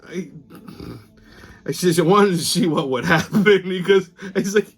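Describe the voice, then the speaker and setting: A man's voice: sits high, a little slow, a bit bright, breathy edge. Profane ranting New man. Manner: profane, blunt, storytelling with quoted exchanges. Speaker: host. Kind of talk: ranting casual monologue.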